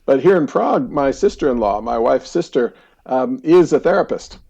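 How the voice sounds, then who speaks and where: A middle-aged man from the United States, a counselor guest, talking in a relaxed, chatty way with easy laughs and frequent fillers. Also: medium pitch, moderate pace, vocal fry, dull audio. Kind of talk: casual interview storytelling.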